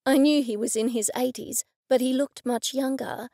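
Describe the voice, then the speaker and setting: A woman narrating a cozy mystery audiobook in first person, with measured, dry storytelling. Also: high-pitched, steady tone, warm tone, dry recording.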